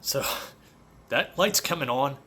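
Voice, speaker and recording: Male mechanic, casual storyteller, bright tone, faint background hiss. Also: mid-range voice, lively intonation, slow pace. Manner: conversational storytelling, many fillers. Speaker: auto repair shop owner. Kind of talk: casual monologue rant.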